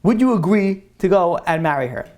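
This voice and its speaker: A kindly old rabbi in his later years, voiced by a man telling the story, calm and unhurried as he lays things out. The delivery stays close to the storyteller's own casual voice. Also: high voice.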